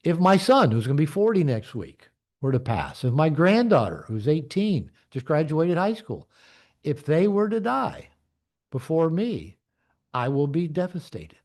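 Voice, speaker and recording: Earnest man in his sixties, lively pitch. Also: a little slow. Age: 60s. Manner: earnest, reflective, candid storytelling. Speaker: men's coach and community leader. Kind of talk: personal talk to an online group.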